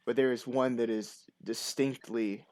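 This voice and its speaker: A man narrating as game master of a horror tabletop game, with halting, filler-heavy delivery. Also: medium pitch, steady tone, darkish tone, a little hiss or hum. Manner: narrates with many fillers and restarts.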